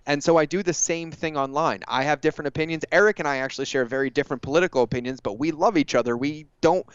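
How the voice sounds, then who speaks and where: A man talking as a guest on a podcast in a casual, energetic way, driving his points home with repetition. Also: fairly high pitch, quick pace, smooth, no echo, highs cut off. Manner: energetic, emphatic, repeats phrases for effect. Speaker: guest entrepreneur.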